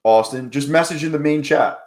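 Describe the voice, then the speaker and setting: A man's voice: on the high side, fairly quick, darkish tone. A man hosting a live trading stream, talking in loose, profane, joking banter with his chat. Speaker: livestream trading host.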